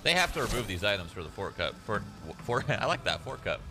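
A man's voice: lowish voice, big pitch swings, fairly quick, over music. A man streamer ranting sarcastically to his chat. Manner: sarcastic, complaining.

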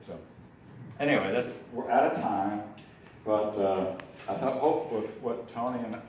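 A man teaching a puppetry workshop in a relaxed, chuckling way, demonstrating as he goes. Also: on the low side, a little slow, lo-fi sound. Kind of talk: informal workshop lesson. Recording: echoey hall from far off, faint ambient noise.

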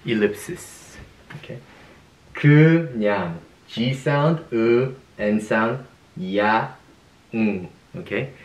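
A man teaching a casual language lesson, upbeat and playful, who laughs often and repeats phrases slowly. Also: medium pitch, roomy sound, highs cut off.

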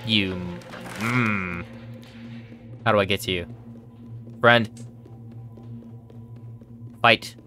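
A man's voice: lowish voice, steady tone, extremely slow, long pauses, over music. A man playing through a horror game, talking to the characters on screen, yelping and swearing at each scare. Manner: jumpy, yelps and swears, talks to the game characters. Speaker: let's play gamer.

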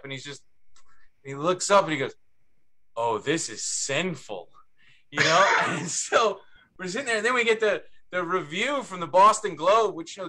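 A man, a book's co-author, telling an anecdote on a panel with an animated, chatty delivery. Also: high voice. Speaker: book co-author.

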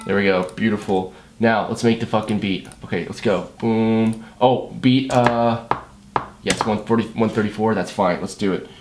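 A man making a beat against the clock in a comedic vlog, talking himself through it with loud, profane chatter and mock-dad jokes. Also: on the low side, moderate pace, music in the background. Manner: hyper, profane self-talk while working; jokey mock-dad banter. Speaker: music producer. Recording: echoey room with steady noise.

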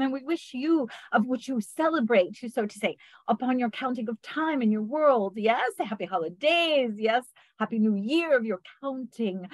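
Woman voicing loving collective of light beings, formal, lilting, raised voice swinging high, dry close sound, spiritual channeling on a video call. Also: no room sound, poor audio. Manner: lilting, formal phrasing, repeats "yes" and "beautiful ones".

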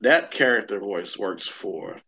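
A man's voice: deep voice, unhurried, gravelly, bright, forceful tone, breathy edge. A man hosting a casual interview, asking questions in a laid-back way with easy slang. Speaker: host. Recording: dull lo-fi audio.

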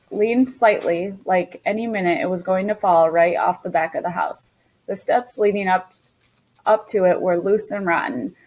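A woman reading a children's novel aloud in an unhurried way, now and then stumbling and correcting herself. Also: lowish voice, darkish tone, poor audio.

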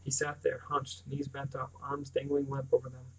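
A man narrating a novel aloud in a steady, even storytelling manner. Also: mid-range voice, normal speed, breathy edge, recorded from a distance, rough recording. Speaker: reader. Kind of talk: audiobook narration.

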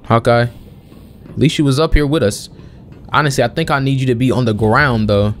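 A young man giving casual let's-play commentary as a gaming channel host, chatting and questioning the game out loud. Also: medium pitch, a little fast, a little hiss or hum. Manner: chatty, questions the game aloud, calls everyone bro.

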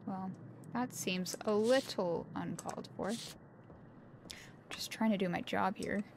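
A woman chats and jokes through a horror game on a live stream, talking back to the characters. Her voice sits at a middle pitch. A clear bed of game ambience runs under everything she says. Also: measured pace, a little hiss or hum. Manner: playful, chatty, talks to the game characters and puts on silly voices. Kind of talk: casual live-stream commentary. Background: game sound ambience.

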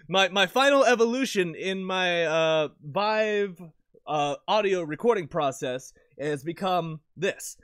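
A man talking casually about his recording setup into a lavalier mic at home, rambling and correcting himself with sudden bursts of excitement. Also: high voice, takes it slowly, smooth, no echo. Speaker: video creator. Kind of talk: casual gear talk to camera.

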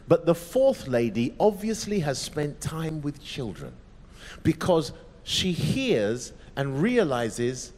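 A male pastor telling a story in a sermon, dramatic and vivid, dropping to a hush at moments. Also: a little high, sing-song, takes it slowly. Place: large church. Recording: echoey church hall.

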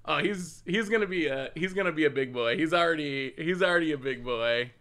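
A man's voice: fairly high pitch, fairly quick, fairly bright tone. A man casually commentating his card game on a live stream, chatty, laughing often and repeating himself as he talks.

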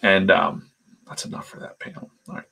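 A man's voice: brisk, sharp tone. A man telling rambling anecdotes in casual chat while he draws comics on a live stream, acting out the voices of the people in his stories. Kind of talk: casual storytelling while drawing.

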